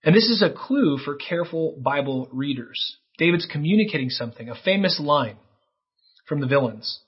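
Husky-voiced man preaching a sermon. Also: on the high side, moderate pace, highs cut off. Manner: earnest, animated preaching with rhetorical questions. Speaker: pastor.

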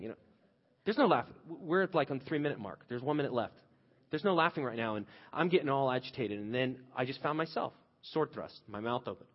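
Pastor preaching in a dull, reverberant hall. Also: male voice, medium pitch. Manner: conversational storytelling with frequent restarts, rising loud when quoting himself. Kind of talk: sermon.

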